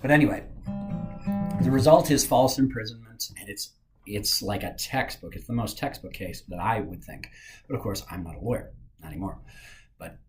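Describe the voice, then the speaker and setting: A man's voice: fairly low pitch, moderate pace, faint music behind. A man in his forties, a former lawyer, giving casual commentary on a legal case from his office, rambling and making jokey asides.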